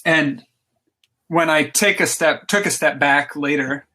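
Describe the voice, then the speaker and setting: This podcast guest, a game designer, has a fairly high, sharp-toned voice and an unhurried pace. He chats casually and eagerly about his hobby in an interview, rambling and leaning heavily on "like" as a filler.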